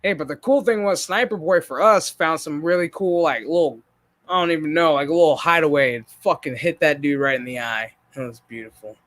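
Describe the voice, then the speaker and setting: A man hosting a gaming stream, telling a story in casual chat, profane and animated. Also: on the high side, brisk, no room sound.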